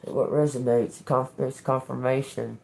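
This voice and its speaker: An older woman giving a live-stream tarot reading in a slow, profane, confrontational manner. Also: a bass voice, little pitch movement, creaky, darkish tone. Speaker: tarot reader.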